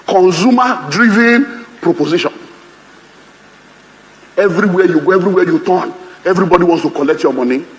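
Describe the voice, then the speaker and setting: Nigerian male pastor, high voice, playful sermon delivery in a reverberant hall. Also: a little hiss or hum. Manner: humorous, lively, mimics others' voices. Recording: reverberant hall, faint ambience.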